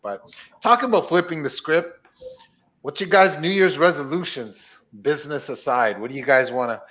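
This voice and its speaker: A man hosting a casual group chat, telling stories in an animated, rambling way. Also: medium pitch, low-quality recording. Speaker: host.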